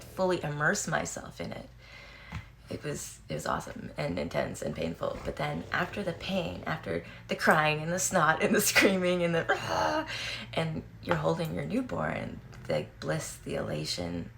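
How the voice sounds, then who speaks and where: A woman's voice: low voice, gravelly, a little hiss or hum. A woman in her thirties talking frankly and casually to camera, swearing freely, laughing often and acting out quoted voices. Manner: animated, acts out quoted voices. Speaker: vlogger.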